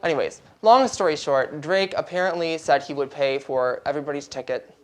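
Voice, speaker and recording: A woman's voice: sits low, a little fast, darkish tone. A woman hosting a gossip segment, rambling chattily to a live audience and asking them to clap along. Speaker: show host.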